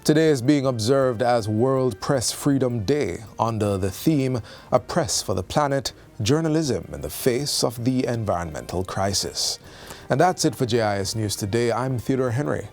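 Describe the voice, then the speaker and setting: A man reading the news in a formal, even delivery. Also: mid-range voice, moderate pace, faint music behind. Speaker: news anchor.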